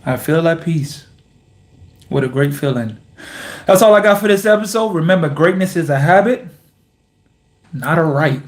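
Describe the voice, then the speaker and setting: A young man giving a slow, earnest and repetitive personal vlog monologue as host of his basketball channel. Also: fairly high pitch, expressive.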